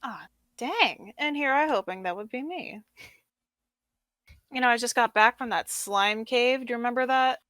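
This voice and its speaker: A woman's voice: fairly high pitch, moderate pace, pauses often, a bit bright, dry recording, lightly acted. A woman voicing a brash, grimy female adventurer who teases and mocks in a tabletop game. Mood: mocking. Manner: mocking, playfully skeptical. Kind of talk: tabletop role-play in character.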